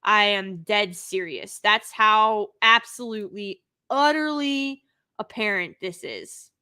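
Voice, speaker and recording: A woman's voice: mid-range voice, slow pace, bright, forceful tone, clear, resonant tone. A woman hosting a live stream, giving an unscripted review in an indignant, emphatic way, with sighs and restarts.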